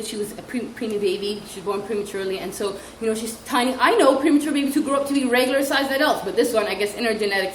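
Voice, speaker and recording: A woman's voice: a little high, fairly bright tone. A young woman who teaches English as a second language, chatting in a casual comedic vlog, giggling and mocking as she tells classroom stories with acted-out quotes. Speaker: vlogger and ESL teacher. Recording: echoey room, faint ambient noise.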